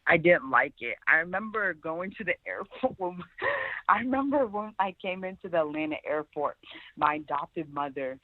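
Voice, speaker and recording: A woman's voice: fairly low pitch, animated, moderate pace, dry recording. A woman in her twenties from Sierra Leone, a guest telling her own story earnestly and often saying "like" and "really". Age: 20s. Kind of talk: personal storytelling interview. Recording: tinny phone line.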